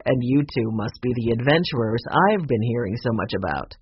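A narrator voicing a kindly, steady old grandfather in a storybook reading, speaking low, calm and measured. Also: highs cut off, a little hiss or hum, lightly acted. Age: older.

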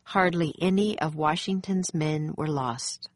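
A woman narrating a children's storybook in a calm, measured way. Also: deep voice, no echo. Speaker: audiobook narrator.

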